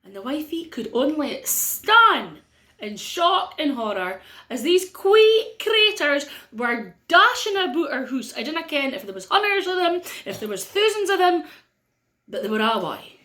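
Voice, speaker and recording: A middle-aged woman with a North-East Scottish accent telling a story to children in a playful way, with dramatic pauses. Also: high-pitched, very animated, sharp tone, roomy sound.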